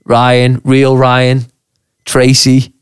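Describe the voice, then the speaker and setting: A man tells a pub story on a podcast, animated and swearing freely, slipping into quick voices for the people in it. His tone is smooth and resonant. The sound is close and dry, with no room around it. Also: medium pitch, no room sound. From Liverpool, England. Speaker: podcast co-host. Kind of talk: casual chat, storytelling. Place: podcast studio.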